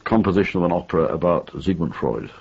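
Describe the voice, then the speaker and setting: A man's voice: sits low, animated, moderate pace, creaky, slightly rough. An older man from England, a novelist giving an interview, talking in a wry, opinionated way with lots of restarts and fillers, on an old, dull archival tape. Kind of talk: conversational interview.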